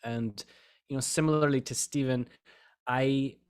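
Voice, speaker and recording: A man's voice: mid-range voice, fairly even intonation, measured pace, clear, resonant tone. A man speaking as a project collaborator at an online summit, thoughtful and earnest. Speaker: co-creator and guest speaker. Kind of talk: casual talk at an online summit.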